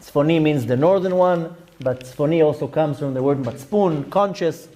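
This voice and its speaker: This man's voice is a little high with a dark tone and a moderate pace. He's a rabbi lecturing a class on Torah, walking through the material step by step with Hebrew terms and many asides.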